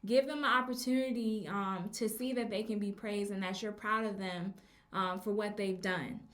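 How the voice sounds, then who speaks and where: A woman hosting a casual advice podcast as a teacher, chatty, with frequent ums and slow stresses on key words. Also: medium pitch, fairly even intonation, a bit bright. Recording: echoey room.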